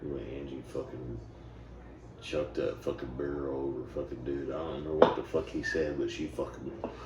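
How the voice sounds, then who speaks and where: A man telling profane, animated stories in a casual chat among friends. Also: very deep voice, moderate pace, heavy background noise. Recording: echoey room, far from mic, crowd behind.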